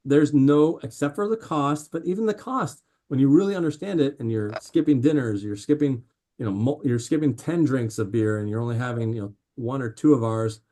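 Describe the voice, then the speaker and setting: A man talking as a guest on a podcast, telling animated stories with lots of fillers and restarts. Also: mid-range voice, brisk. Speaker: podcast guest, drink company founder. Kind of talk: casual interview chat.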